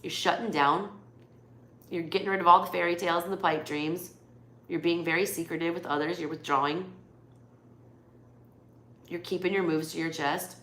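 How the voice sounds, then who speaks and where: A woman's voice: lowish voice, steady tone, normal speed, long pauses, a bit bright. A woman with a Southern US accent giving a live tarot reading in casual chat, blunt and swearing freely. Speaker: tarot reader. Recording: echoey room, faint background noise.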